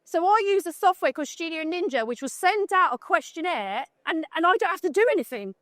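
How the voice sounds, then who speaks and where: Blunt, funny British woman giving a conference talk; very high voice, dry close sound. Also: animated, brisk, a bit bright, no room sound. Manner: blunt, joking, chatty, asks the audience questions. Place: conference talk room at a trade show.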